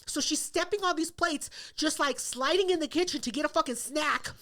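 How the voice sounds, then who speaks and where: A woman co-hosting a podcast, telling a story in a casual, profane way and acting out the quotes loudly. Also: high-pitched, fairly quick. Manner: animated, profane storytelling with loud acted-out quotes. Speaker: podcast co-host.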